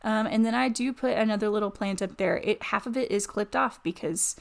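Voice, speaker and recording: Gushing, gravelly-voiced woman chatting. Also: mid-range voice, fairly quick. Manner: chatty, gushing, rambling with many fillers. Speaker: Sims building YouTuber. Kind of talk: casual voice-over commentary.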